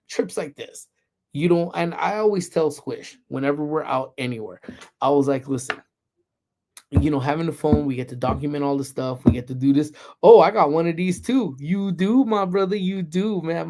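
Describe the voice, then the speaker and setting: A middle-aged man hosting a casual lunchtime livestream, chatting loosely and slipping into playful, animated slang riffs. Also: a little high. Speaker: livestream host. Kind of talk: casual live chat.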